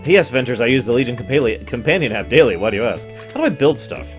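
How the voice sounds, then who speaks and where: A man's voice: medium pitch, lively intonation, fast, soft background music. A man streaming a game, giving casual commentary with dry, wry asides. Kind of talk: casual let's-play commentary.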